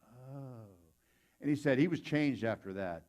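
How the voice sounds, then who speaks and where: A middle-aged man preaching a sermon at a mid-range pitch. He tells his stories casually and quotes the people in them aloud. Now and then he shouts out their lines. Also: expressive, a little fast. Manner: conversational storyteller, voices quoted people with sudden loud outbursts. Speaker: pastor.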